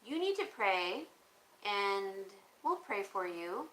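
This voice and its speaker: A woman talks casually on a livestream, rambling along and answering viewer comments as they come in. Her voice is bright and carries in an echoey room, with a faint noise underneath. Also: medium pitch, sing-song, slow. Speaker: livestream auction host.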